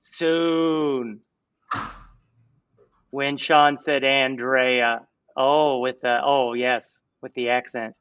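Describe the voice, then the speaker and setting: A man's voice: medium pitch, flat delivery, unhurried, hardly any pauses, fairly bright tone, smooth, dry recording, recorded from a distance, highs cut off. A man hosting a casual livestream chat, playful and giggly, breaking into goofy little songs. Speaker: livestream host.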